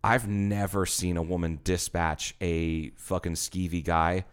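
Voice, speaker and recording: A man in his thirties, a bartender hosting a casual podcast, telling animated, profane stories and acting out the people in them. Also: deep voice, measured pace, clear, resonant tone. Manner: animated storyteller, swears a lot, acts out quotes.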